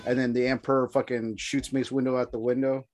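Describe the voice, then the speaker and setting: A man co-hosting a casual podcast chat, rambling in a relaxed way, swearing often and breaking into loud jokes. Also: medium pitch, brisk. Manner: laid-back, profane, rambling, with sudden loud joking outbursts. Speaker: podcast co-host.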